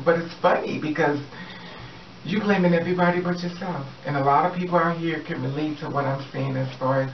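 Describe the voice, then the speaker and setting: A sassy, animated man rants about someone straight to camera, his voice a little high. He sounds set back from a muffled mic in a roomy space, with faint ambient noise behind him. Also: distant mic. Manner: sassy, animated, addresses the subject directly. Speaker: vlogger. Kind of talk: casual opinion rant to camera.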